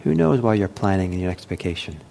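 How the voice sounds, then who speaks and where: A man gives a meditation talk in a gentle, unhurried way, often pausing on fillers and starting sentences over. His voice sits fairly low and sounds mellow. A faint low rumble runs underneath. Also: very animated, creaky. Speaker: meditation teacher. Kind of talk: dharma talk.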